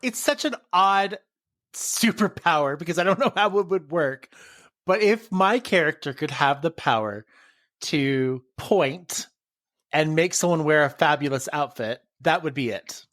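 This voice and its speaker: A man tells stories as a podcast guest, his voice sitting a little high. He giggles his way through anecdotes. The sound is dry and close. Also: animated, a little slow, a bit bright, no room sound. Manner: giggly, chatty, storytelling. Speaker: interview guest. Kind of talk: casual podcast chat.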